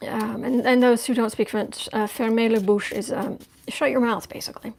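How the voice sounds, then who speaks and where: Woman tarot reader, higher register, livestream host, talks her thoughts through card by card. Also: fairly even intonation, normal speed, gravelly, a little mellow, slight background noise. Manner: thinks aloud while turning cards, conversational.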